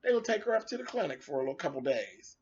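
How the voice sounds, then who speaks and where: A man's voice: on the high side, big pitch swings, rapid-fire, darkish tone, husky. A man ranting casually at someone online in a sassy, cutting way, with dramatic asides. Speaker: commentator. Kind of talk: casual rant video. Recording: dull lo-fi recording.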